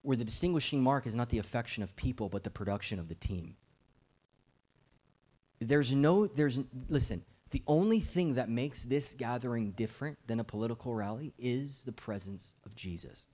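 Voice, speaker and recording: A man's voice: mid-range voice, lively intonation, normal speed, darkish tone. A middle-aged man preaching a fervent, urgent sermon as a guest preacher, his volume swelling and dropping as he presses his points.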